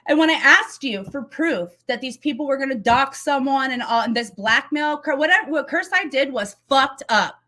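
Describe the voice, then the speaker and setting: Woman, commentary host, heated, blunt, swearing, bright piercing tone. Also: high-pitched, animated, normal speed, few pauses. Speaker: commentary YouTuber. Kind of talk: angry reaction commentary.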